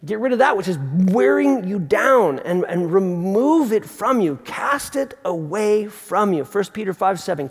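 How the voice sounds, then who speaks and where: A middle-aged man preaching a sermon as pastor, conversational and animated, with emphatic repeats. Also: high-pitched, measured pace, hardly any pauses, breathy edge. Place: large theatre. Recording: long hall reverb from a theatre.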